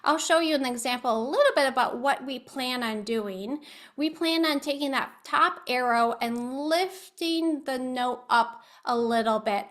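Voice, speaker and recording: A woman's voice: sits high, measured pace, a bit bright. A woman speech-language pathologist giving an online educational presentation over a video call. She patiently coaches listeners through voice exercises.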